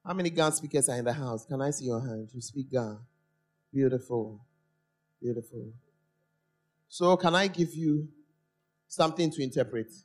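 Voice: mid-range voice, moderate pace, pauses often, darkish tone, soft background music. A preacher giving a sermon in a church, stretching key words and putting questions to the congregation.

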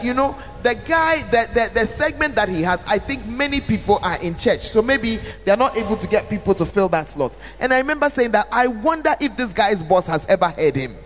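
Animated woman preaching in a hall. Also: medium pitch, fairly quick, slight background noise. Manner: animated, emphatic repetition, acts out quoted speech. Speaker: church leader answering questions. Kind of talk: question-and-answer session at a church camp. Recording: reverberant hall.

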